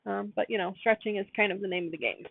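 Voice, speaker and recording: A woman's voice: medium pitch, fairly even intonation, quick pace, gravelly, husky. A woman hosting a live quilting stream in a chatty, apologetic way, laughing often as she talks. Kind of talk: casual live-stream sewing chat. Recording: dry, phone-like narrow sound.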